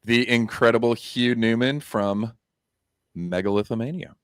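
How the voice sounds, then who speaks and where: A man's voice: medium pitch, a little slow, fairly bright tone, clear, resonant tone, no echo. A man hosting a casual livestream chat over a video call, easygoing and laid-back, with filler words. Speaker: host.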